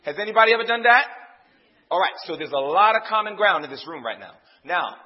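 A man preaches a sermon to a congregation in a high voice that swoops widely up and down. He puts questions to the room and waits for the answers. His lines move from loud emphasis to near-hushed tones, and the recording sounds dull and lo-fi. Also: animated, brisk. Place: church service before a congregation.

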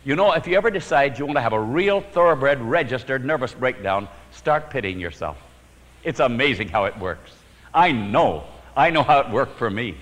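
A man preaching a sermon, telling his own story with sudden swings from emphatic to hushed and chuckling at his own jokes. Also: medium pitch, lively intonation, normal speed, big-room sound, poor audio.

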